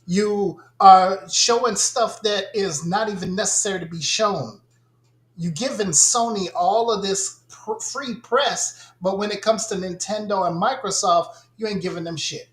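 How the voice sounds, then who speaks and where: A man's voice: high voice, roomy sound. A man co-hosting a gaming podcast, ranting bluntly and with a lot of swearing in casual chat. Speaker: podcast co-host.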